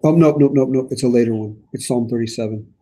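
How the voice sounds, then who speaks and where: Mellow, husky man leading Bible study. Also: mid-range voice, fast talker. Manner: casual and musing, reads scripture aloud with emphasis. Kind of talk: conversational Bible study teaching. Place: church meeting room.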